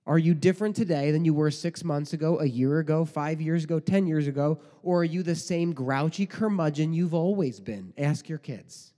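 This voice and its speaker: A man's voice: on the high side, moderate pace, few pauses, dark tone. A man preaching a sermon in a conversational way, full of rhetorical questions and mock quotes. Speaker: pastor. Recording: long hall reverb.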